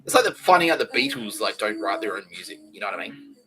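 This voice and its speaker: A man's voice: lowish voice, very animated, fast talker, low-quality recording. A man hosting a podcast in a rambling, profane, jokey comedic monologue. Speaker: podcast host. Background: faint background music.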